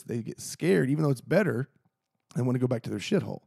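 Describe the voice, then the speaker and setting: A man's voice: mid-range voice, animated, fairly quick, vocal fry, dark tone, breathy edge, no room sound, clean studio sound. A man hosting a casual solo podcast, rambling and heated, swearing freely. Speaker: podcast host.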